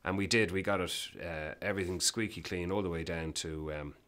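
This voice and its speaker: Low-voiced guy on a business podcast, animated storyteller, lots of restarts. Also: brisk. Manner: animated, emphatic anecdotes with many restarts. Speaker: business guest. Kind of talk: casual interview storytelling.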